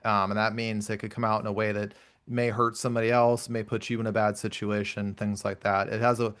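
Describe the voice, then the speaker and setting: A man in his thirties hosting a conversational podcast, with a fairly low voice. He is earnest and reflective, weaving personal stories into the talk. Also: little pitch movement, brisk, fairly bright tone. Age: 30s. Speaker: podcast host. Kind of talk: conversational interview.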